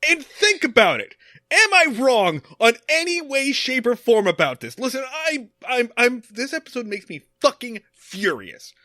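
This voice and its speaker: Angry podcast dude, high bright voice, swings all over, dry close sound. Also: male voice, very animated, normal speed, dry recording. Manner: angry, profane, emphatic ranting. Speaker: podcast co-host. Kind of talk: ranting comedy podcast chat.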